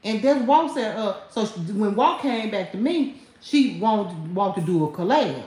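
This livestream host mocks someone and laughs as she talks directly to her audience in a trash-talking rant. Her medium-pitched female voice is dark in tone, with lively intonation and a measured pace, captured in an echoey room.

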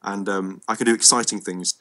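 A man's voice: lowish voice, steady tone, a little fast, heavy background noise. An English man with a cold, teaching an online music lesson in a rambling, playful way with frequent ums. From England. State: has a cold.

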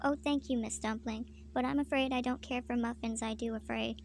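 Gloomy dismissive man, read by a woman, flat and gravelly. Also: a little high, fairly quick, slight background noise. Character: gloomy lanky male caretaker, dismissive.

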